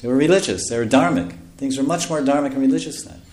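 A man's voice: mid-range voice, animated, quick pace. Chuckling male preacher in an echoey room. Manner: conversational, chuckling often, dropping to soft asides. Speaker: spiritual teacher. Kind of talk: sermon.

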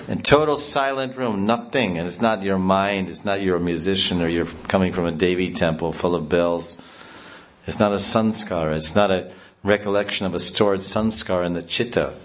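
A man with a somewhat low voice delivers a spiritual discourse. He talks in a loose, rambling way, full of restarts. He gets animated and sounds out syllables and noises to make his points. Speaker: spiritual teacher. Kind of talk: devotional discourse.

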